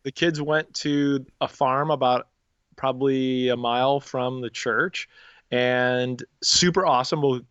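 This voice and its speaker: A man's voice: medium pitch, steady tone, a little slow, a bit bright, clean tone, no echo, dull audio. A man co-hosting a church podcast in casual, upbeat chat, recorded on a home studio microphone over a video call. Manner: upbeat, plugs church events. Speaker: podcast co-host.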